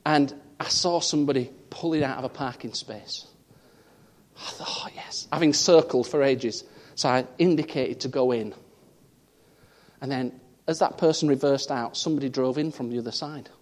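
A man from the north of England preaching a sermon and telling a personal story, his voice swinging from loud, high emphasis down to quiet asides. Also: normal speed. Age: 30s. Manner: animated storytelling, voice rising and dropping for emphasis. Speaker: pastor.

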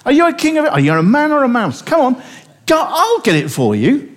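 A man's voice: extremely high pitch, huge pitch swings, brisk, voice pushed up, heavily acted. A man voicing a scheming queen who taunts her husband, in a mocking tone during Bible teaching. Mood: goading. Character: scheming woman queen, scornful and goading.

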